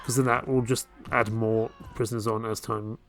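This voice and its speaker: Relaxed man commentating his gameplay. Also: on the low side, normal speed. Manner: relaxed, thinking aloud while playing. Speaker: let's play host. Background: faint game music.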